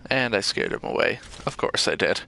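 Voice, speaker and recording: A man's voice: mid-range voice, animated, moderate pace, vocal fry, pushed and bright. A man streaming a shooter game, rambling and muttering to himself with self-mocking remarks. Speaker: gaming streamer. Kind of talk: casual live game commentary.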